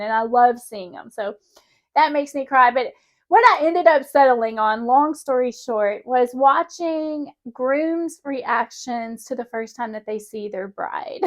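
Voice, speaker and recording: A young woman vlogger telling a personal story in a chatty, animated way, often laughing mid-sentence. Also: on the high side. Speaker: spiritual vlogger. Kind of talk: casual personal storytelling to camera.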